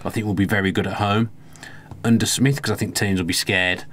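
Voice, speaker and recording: Fast-talking deep-voiced man. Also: fairly even intonation, fairly bright tone, slight background noise. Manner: chatty, quick, opinionated. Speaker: podcast co-host. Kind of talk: casual football chat.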